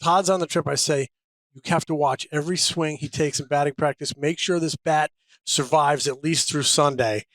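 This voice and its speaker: A slightly high male voice recorded close and dry. He is a podcast co-host spinning an anecdote in animated, casual storytelling. He talks with plenty of energy. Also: moderate pace, dry recording. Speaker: co-host, sportswriter.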